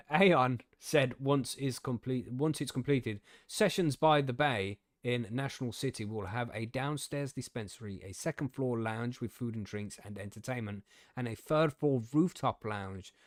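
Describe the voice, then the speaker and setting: Young man from the UK, podcast host, casual swearing chatter, mid pitch, dry close sound. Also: unhurried, no room sound. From United Kingdom. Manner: swearing, laughing, gobby storytelling. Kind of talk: casual chat, reading news aloud.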